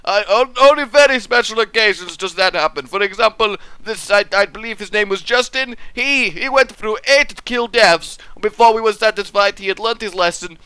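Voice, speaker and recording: A grim, boastful foreigner drops his articles and brags in a flat deadpan, as a man puts him on. His voice is high and bright, and the recording is close and dry. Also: moderate pace, few pauses, clean tone, no room sound, rough recording. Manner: broken English, dropped articles, deadpan bragging. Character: grim boastful man from a harsh unnamed country.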